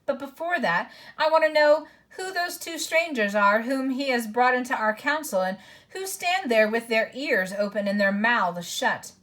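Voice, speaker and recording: A woman's voice: on the high side, expressive, moderate pace, fairly bright tone, pitched above the performer's own voice. A woman voicing a young boy king who speaks firmly and impatiently. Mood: commanding. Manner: firm, commanding.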